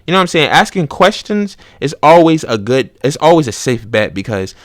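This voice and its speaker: A man's voice: fairly high pitch, very animated, brisk, no echo, studio quality. A young man hosting a podcast, talking casually in slang and acting out both sides of everyday arguments. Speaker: podcast host. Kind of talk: casual monologue.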